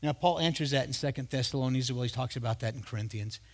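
A man's voice: mid-range voice, fast. A man in his fifties preaching a sermon, telling a personal story in a conversational way and acting out the dialogue. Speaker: pastor.

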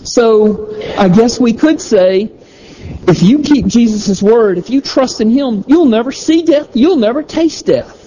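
A male pastor delivers a sermon in a fairly high but mellow voice, with an unhurried pace. He is emphatic and repeats his key phrases. The recording sounds slightly dull, with faint noise underneath. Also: expressive.

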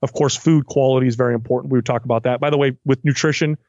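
A man's voice: mid-range voice, racing, no echo, dull audio. A man, a fitness trainer, talking casually in an interview and acting out what his clients say. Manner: animated, acts out client quotes.

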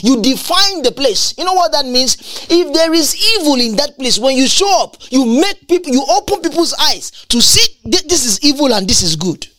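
A woman preaches a sermon in a high, sing-song voice that sounds a little bright, moving at normal speed with barely any pauses. Her delivery is emphatic, she repeats lines for effect, and she quotes scripture.

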